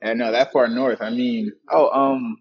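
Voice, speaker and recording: A man from the Atlanta area who is a minor league pitcher, talking in a relaxed, hesitant way and often saying "like". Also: measured pace, highs cut off. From Atlanta area, USA. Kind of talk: casual interview.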